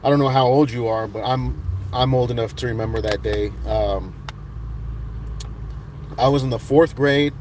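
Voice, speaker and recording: Casually chatting on stream, an American man in his thirties reads viewer comments in a laid-back ramble, often restarting. He speaks at normal speed with long pauses in a medium-pitched, slightly mellow voice, and a little hiss or hum is audible.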